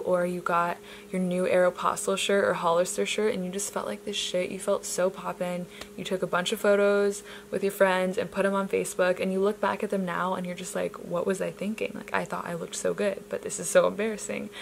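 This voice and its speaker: A young woman talks to her camera in a loose, casual vlog style, gushing about what she loves in a mid-pitched voice. She slips easily into softer, reflective musing. A faint hum sits under her voice. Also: gravelly, poor audio. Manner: bubbly, gushing, drifts into soft reflective talk. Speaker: vlogger.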